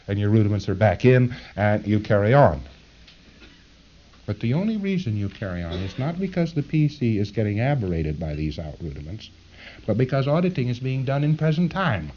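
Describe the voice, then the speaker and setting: Male lecturer, lowish voice, casual and wry, lo-fi archival lecture sound. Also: expressive, fairly quick, dark tone. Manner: conversational, jokey, acts out little scenes. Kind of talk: lecture to trainees.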